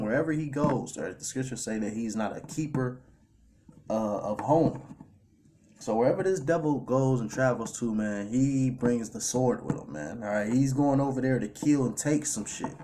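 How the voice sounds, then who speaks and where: Preacher guy riffing on scripture, mid pitch, keeps saying all right man. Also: dark tone, slight background noise. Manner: loose, repetitive fillers like "all right" and "man", reads scripture aloud. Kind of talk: casual street-style sermon over clips.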